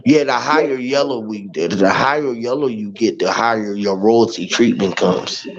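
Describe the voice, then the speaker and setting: A man's voice: lowish voice, normal speed. Rambling man on a lo-fi stream. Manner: rambling, loud, mocking mimicry of greetings. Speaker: livestream host. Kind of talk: casual livestream chat. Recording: muffled lo-fi audio with faint hiss.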